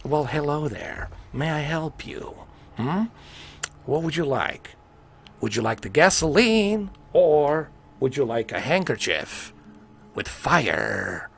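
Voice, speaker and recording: Joker: a man doing a hushed sly villain clown. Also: a little high, very animated, slow pace, gravelly, slight background noise, full character voice. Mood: mocking. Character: menacing theatrical male villain clown, sly.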